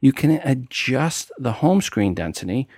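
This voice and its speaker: A man's voice: medium pitch, sing-song, unhurried, a little mellow, no room sound, clean studio sound. A man hosting a tech podcast with a New York accent, talking casually and explaining steps one by one. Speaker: podcast host.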